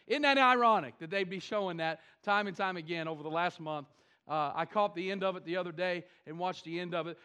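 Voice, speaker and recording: A man preaching a sermon to his church, animated and with wry asides. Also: high-pitched. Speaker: pastor.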